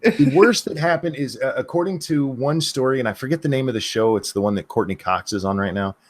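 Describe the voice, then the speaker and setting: A man's voice: medium pitch, quick pace. A man hosting a casual podcast chat, rambling through the news and swearing often. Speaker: podcast host.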